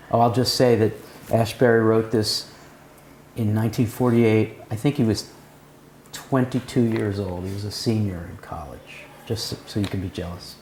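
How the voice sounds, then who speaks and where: A man's voice: on the low side, fairly even intonation, normal speed, a little mellow. A man leading a poetry seminar, lecturing and putting questions to the group. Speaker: seminar leader. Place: cafe room with a seminar group. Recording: roomy room sound, faint background noise.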